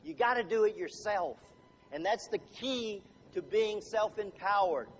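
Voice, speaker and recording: A middle-aged man giving a seminar talk to a live audience, animated and jokey, acting out little scenes. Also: high voice, unhurried, slight background noise. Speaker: motivational speaker. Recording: dull lo-fi recording, faint ambience.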